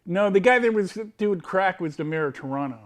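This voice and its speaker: A man's voice: high-pitched, animated, brisk. A man from the United States co-hosting a podcast, laid-back and laughing often in casual comedic chat. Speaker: podcast co-host.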